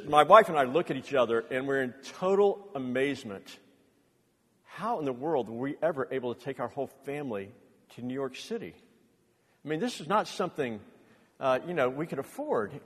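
A middle-aged man preaching a sermon as pastor, telling personal stories earnestly and rising to loud impassioned bursts. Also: a little high. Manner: earnest storytelling, builds to loud impassioned outbursts. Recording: long reverb of a large hall.

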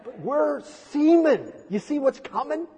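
A man's voice: very high voice, very animated, measured pace, mellow, some chatter behind, voice pushed up, full character voice. A man voicing worried fishermen disciples who plead with their teacher in a joking protest, in a reverberant church. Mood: anxious protest.

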